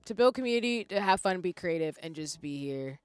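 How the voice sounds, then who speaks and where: A woman streamer chatting casually with her viewers, expressive and swinging from soft-spoken to loud exclamations. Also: fairly low pitch, a little fast, smooth, no echo, studio quality.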